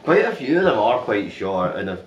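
A man's voice: medium pitch, very animated, fairly quick, muffled recording, a little hiss or hum. A man co-hosting a podcast, with wry, dry humour and frequent laughter in casual banter, recorded in a comedy club room. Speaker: podcast co-host. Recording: roomy sound from a distant mic.

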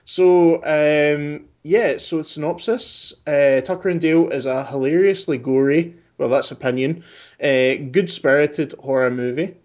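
A man's voice: a little high, a little slow, a little mellow, lo-fi sound. A man hosting a podcast, chatting casually and rambling with many fillers. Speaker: podcast host.

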